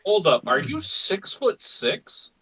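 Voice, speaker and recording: A man's voice: high-pitched, sing-song, slow pace, fairly bright tone, slightly rough. A man laughing and teasing his fellow players during an online tabletop game. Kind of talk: casual chat among players.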